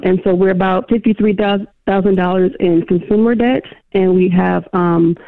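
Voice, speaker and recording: A woman calling into a radio show, explaining her situation hesitantly with many pauses and fillers. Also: lowish voice, creaky, no echo. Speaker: caller. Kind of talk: phone-in question. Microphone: phone. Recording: tinny phone line.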